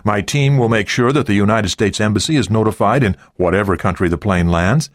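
A man voicing a smug, self-assured male hijacker in an audiobook, smooth and cocky. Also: fairly low pitch, brisk, no room sound, studio quality, lightly acted.

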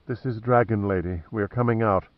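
A man's voice: lowish voice, normal speed, no echo, muffled recording, natural voice. A man voicing a sultry, teasing woman agent. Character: sultry, dry-witted female government agent.

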